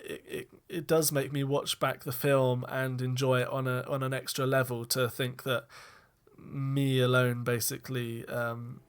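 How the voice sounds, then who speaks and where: A man's voice: mid-range voice, little pitch movement, a little slow, smooth. A man giving a casual, rambling commentary as a film director, candid and self-deprecating, with frequent ums and restarts.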